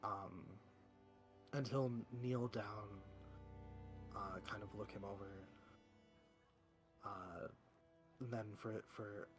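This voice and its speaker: A male game master describes the scene in a fairly low voice, pausing often with ums. Faint music plays under the stream. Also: steady tone. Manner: hesitant, full of ums. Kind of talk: narrating a tabletop game.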